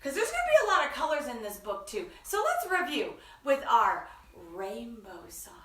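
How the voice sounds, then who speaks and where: A woman's voice: a little high, very animated, normal speed, sharp tone, echoey room, far from the mic. A woman hosting a children's story time, talking to kids in a sing-song, enthusiastic teacher way. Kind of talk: children's read-aloud lesson.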